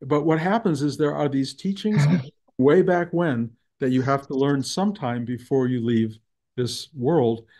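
A man's voice: mid-range voice, a little slow, mellow. An older man telling stories in a casual spiritual talk over a video call, rambling with many restarts.

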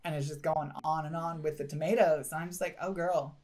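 A woman's voice: sits low, level tone, quick pace, a crowd in the background. A young woman casually telling a story over her game play, rambling with lots of "like". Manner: rambling, heavy use of "like". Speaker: gaming video host.

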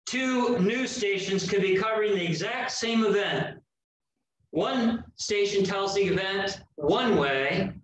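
A man preaching a sermon, slow and emphatic with dramatic pauses. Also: high-pitched, fairly bright tone, slight background noise. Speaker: pastor. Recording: echoey room heard from a distance.

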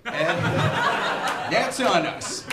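A man acting out a group of panicked, cocky scientists in a loud, frantic, sheepish way during stand-up. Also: extremely high pitch, animated, extremely slow, exaggerated voice. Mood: frantic apology. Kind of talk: stand-up act-out. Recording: echoey club with audience noise.

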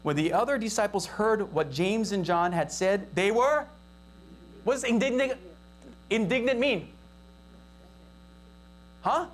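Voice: medium pitch, unhurried, pauses often, a little hiss or hum. A pastor with a Hawaii local accent preaches a conversational sermon and keeps asking the congregation questions. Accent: Hawaii local English. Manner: conversational, asks the congregation for responses. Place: church service, live-streamed.

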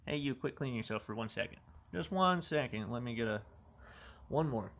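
A man's voice: medium pitch, quick pace. A man vlogging casually into a phone camera, rambling and swearing heavily. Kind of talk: casual vlog talk.

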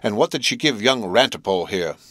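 A man voicing a sarcastic, scolding middle-aged woman, loud and sharp, in an audiobook reading. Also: fairly low pitch, animated, brisk, no echo.

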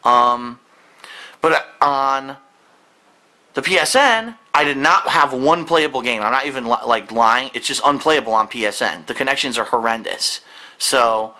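A man's voice: mid-range voice, measured pace, pushed and bright, poor audio. A man hosting a gaming video, seated indoors at home and delivering an angry, profane rant to the camera, swearing constantly with a heated, exasperated delivery.

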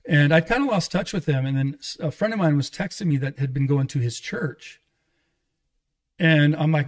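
A pastor whose voice sits on the high side speaks at normal speed as a podcast guest. He casually rambles through a candid testimony, restarting often and acting out the dialogue he quotes.

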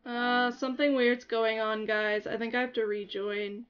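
A young woman chatting casually to her viewers while playing a game on a livestream, giggly and excitable. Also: a little high, moderate pace, clean tone, muffled recording. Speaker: gaming livestreamer. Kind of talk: casual livestream chat over gameplay.

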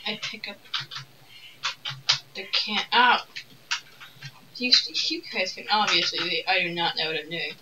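A woman's voice: on the low side, a little slow, pauses often. A woman giving playful let's-play commentary while gaming, taunting the characters with mock rage. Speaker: gamer playing a video game. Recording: distant mic with loud background noise.

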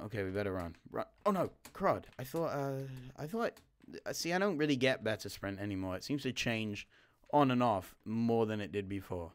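A man giving live gameplay commentary, chatting to his teammate and swinging from quiet mutters to sudden startled yelps. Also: fairly low pitch, lively intonation, normal speed. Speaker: gaming YouTuber.

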